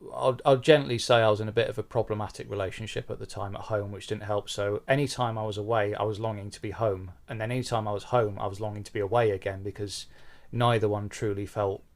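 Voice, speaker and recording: A man, a podcast host and bass player, talking frankly and self-deprecatingly about his own life in an interview, swearing casually. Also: fairly even intonation, fast, hardly any pauses. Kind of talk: candid conversational interview.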